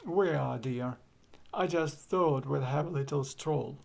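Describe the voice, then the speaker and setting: Man voicing an elderly wife, mild, soothing, patient, hopeful, gravelly tone. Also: a little high, slow pace, full character voice.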